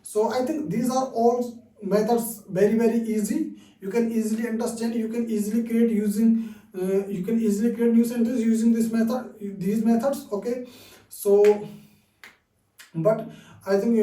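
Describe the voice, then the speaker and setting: A man teaching a lesson, repeating each example sentence slowly and often checking in with "okay?". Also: sits high, mellow. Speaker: English teacher. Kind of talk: online language lesson. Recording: roomy, distant from the mic.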